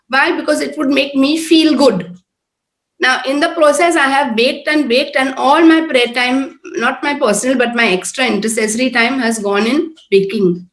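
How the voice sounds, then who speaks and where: A woman's voice: high voice, normal speed. A middle-aged woman giving an informal talk at a prayer group, earnest and conversational, often checking with "correct?". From Oman-based, Indian. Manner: earnest, conversational, repeats tag questions. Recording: echoey room.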